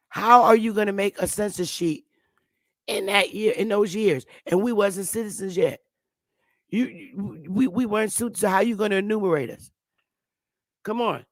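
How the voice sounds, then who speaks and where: A woman in full rant on her live stream, hammering the same questions again and again with plenty of profanity. Her voice sits at an ordinary middle pitch, and the sound is dry and close with no room echo. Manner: emphatic, profane, repeating rhetorical questions.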